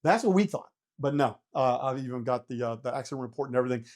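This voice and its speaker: Speaking fast with an expressive, slightly mellow, medium-pitched voice, a middle-aged man who retired from flying helicopters shares a story in a casual interview. He reenacts his panicked moments, swearing freely throughout.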